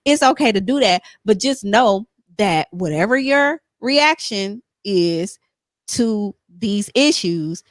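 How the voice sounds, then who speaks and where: A woman's voice: medium pitch, expressive, slow, no room sound, studio quality. A woman hosting a podcast in casual chat, talking earnestly and encouragingly and often checking in with "you know what I'm saying.". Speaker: podcast host.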